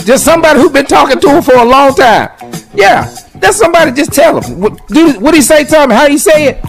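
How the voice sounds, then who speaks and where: Man, radio co-host, comic advice banter, high voice, acts out quotes, faint background music. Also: brisk, vocal fry. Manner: animated, acts out quoted voices, laughing often.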